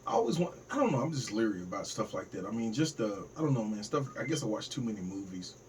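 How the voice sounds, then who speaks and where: A man's voice: lowish voice, big pitch swings, quick pace. Rambling man in casual podcast chat. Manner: loose, rambling, hesitant. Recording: distant mic with faint room noise.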